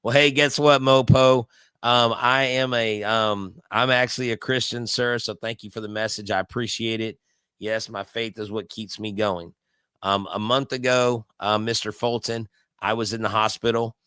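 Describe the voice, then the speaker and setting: A man's voice: lowish voice, little pitch movement, moderate pace, bright, forceful tone, clean tone, no echo. A man hosting a casual live baseball watch-along, telling stories in a rambling way full of fillers and restarts. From Houston area. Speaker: live stream host.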